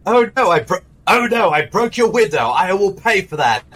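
A man doing a comic impression of a polite, pompous, clumsy British gentleman with an exaggerated posh accent. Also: high voice, big pitch swings, normal speed, full character voice, poor audio. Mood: apologetic. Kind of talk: comic impression during a podcast.

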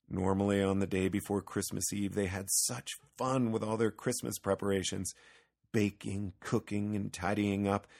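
A man narrating a children's storybook reading in a gentle, unhurried way. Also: deep voice, gravelly.

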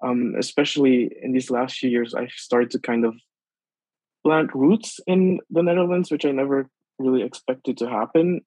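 A man's voice: mid-range voice, dry recording, rough recording. A young man from Bonaire, a student, talking casually and reflectively as a podcast guest, with lots of fillers. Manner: relaxed, reflective, many fillers and likes. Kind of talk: casual conversation.

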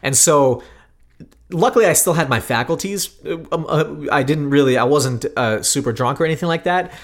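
A man in his thirties, a podcast co-host, telling a story in a lively, self-deprecating way. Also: a little high, brisk. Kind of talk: casual storytelling chat.

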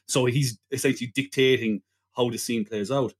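A man's voice: medium pitch, fairly even intonation, normal speed. A man co-hosting a film podcast in casual chat, rambling and jokey. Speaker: podcast co-host.

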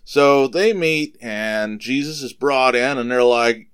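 A man hosting a podcast, casually retelling a Bible story for children, relaxed and conversational, explaining things simply. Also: medium pitch, slow, clear, resonant tone. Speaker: podcast host retelling Bible stories for kids.

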